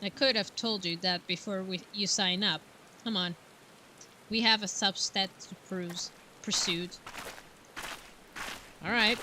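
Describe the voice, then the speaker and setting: A woman's voice: medium pitch, fairly even intonation, a little slow, pauses often, pushed and bright, slight background noise, poor audio. A woman giving casual, chatty gameplay commentary, correcting herself as she goes, over game music. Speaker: let's play streamer.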